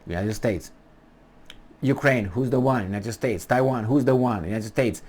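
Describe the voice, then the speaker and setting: A man's voice: mid-range voice, expressive, normal speed, darkish tone. A man giving an emphatic political monologue, full of rhetorical questions and restarts. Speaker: political commentator.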